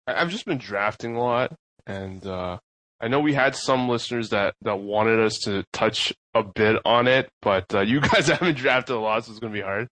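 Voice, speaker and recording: A man's voice: on the low side, moderate pace, fairly bright tone, dry recording, low-quality recording. A man co-hosting a podcast in casual chat, speaking mildly and hesitantly. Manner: hesitant, mild, with restarts. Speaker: podcast co-host.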